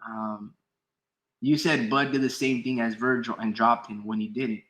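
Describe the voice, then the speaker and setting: A man's voice: medium pitch, fairly even intonation, measured pace, a bit bright. A man giving casual, profane boxing commentary on a stream, reading out chat comments and arguing back at them. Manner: heated, profane, argues with chat; reads chat comments aloud and answers them.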